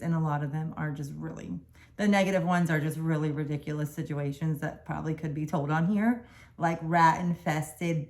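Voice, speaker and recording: A woman telling a personal story in a casual storytime vlog, rambling and correcting herself as she goes. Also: deep voice. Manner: rambling, self-correcting, animated. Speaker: vlogger telling a birth story.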